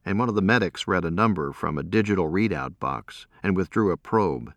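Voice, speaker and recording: A man narrating a first-person audiobook in an even, matter-of-fact way. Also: deep voice, brisk, hardly any pauses, no echo.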